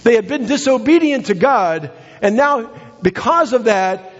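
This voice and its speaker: An American pastor preaches with emphatic repetitions, his voice husky and fairly high. The sound is dull and lo-fi. A long hall reverb trails his words through the church. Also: lively intonation, measured pace. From United States. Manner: emphatic preaching with repetitions and sudden pitch swings. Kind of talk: sermon. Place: church sanctuary.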